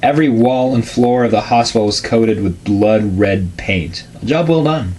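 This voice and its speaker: A man giving a deadpan, casual reading of a crude comedic fan story, with offhand asides. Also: fairly low pitch, moderate pace, a little hiss or hum.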